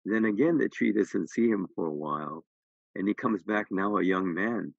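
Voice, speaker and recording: A man's voice: deep voice, normal speed, gravelly, no room sound, highs cut off. A middle-aged man, a minister, gives a dharma talk in a temple, telling a story with many restarts and then making his points emphatically. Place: temple hall.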